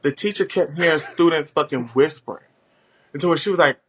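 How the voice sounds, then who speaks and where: A man hosting a casual chat, telling stories in a loud, profane, animated way with big jumps in pitch. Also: brisk, a little hiss or hum. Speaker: host.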